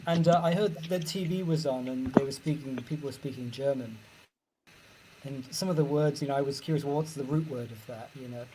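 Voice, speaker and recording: British male author, middle-aged, curious and musing, warms up when he talks about language, video-call sound. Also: medium pitch, brisk, noisy background. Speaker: author guest. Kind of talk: casual interview answers.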